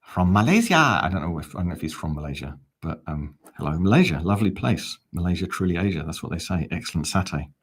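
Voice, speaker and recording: Football fan host, male, deep voice, chatty live-stream commentary, reads the chat with wry asides. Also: lively intonation, fast, few pauses, breathy edge.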